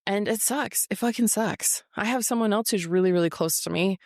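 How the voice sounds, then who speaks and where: A woman in her forties hosts her own podcast from an office, giving a candid solo monologue that's frank, confessional, and full of free swearing. Her medium-pitched voice is brisk, recorded dry with clean studio sound.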